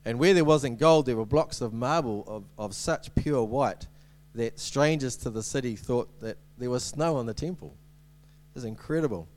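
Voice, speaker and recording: A man's voice: mid-range voice, normal speed, darkish tone. A man giving a sermon as a preacher, in a conversational way with many ums and restarts and light humorous asides.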